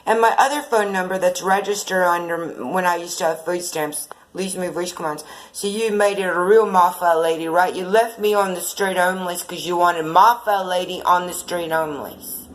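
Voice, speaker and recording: A woman's voice: on the low side, steady tone, moderate pace, few pauses, low-quality recording. A woman speaking into a phone in a rambling monologue, with an insistent, aggrieved tone and long run-on sentences.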